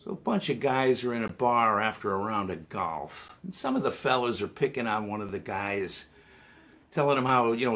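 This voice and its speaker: A man's voice: mid-range voice, a bit bright. A man telling jokes in a rambling, folksy way as a comedy vlogger, full of "you know" asides.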